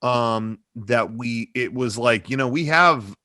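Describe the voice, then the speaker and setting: A man's voice: mid-range voice, slow, pushed and bright, no echo, clean studio sound. A middle-aged man, a comedy video creator, answering interview questions over a video call in a rambling way full of fillers. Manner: rambling, hedging, many "you know" fillers. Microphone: desk microphone on a cable.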